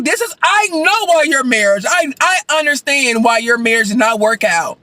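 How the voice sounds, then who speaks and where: A man chatting casually as a vlogger, reviewing a show while he eats, animated and sassy with loud outbursts. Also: very high-pitched, normal speed, hardly any pauses.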